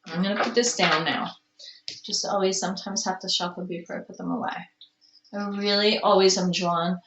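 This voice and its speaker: A woman doing a casual tarot reading to camera, slow and musing, with soft gushing exclamations and an allergy-roughened throat. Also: fairly low pitch, steady tone, roomy sound, highs cut off, slight background noise. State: clearing her throat from allergies. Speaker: tarot card reader.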